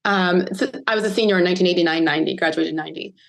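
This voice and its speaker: A woman's voice: lowish voice, creaky. Earnest woman in her fifties, storytelling. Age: 50s. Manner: earnest, emotional, pauses to collect herself. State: choked up. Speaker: guest. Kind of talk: podcast interview, personal storytelling.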